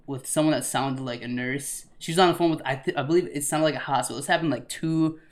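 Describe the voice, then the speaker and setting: Animated young man telling a work story. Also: a little high, quick pace. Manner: animated, profane, laughs while telling stories. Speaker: carpet department worker. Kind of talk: casual storytelling chat.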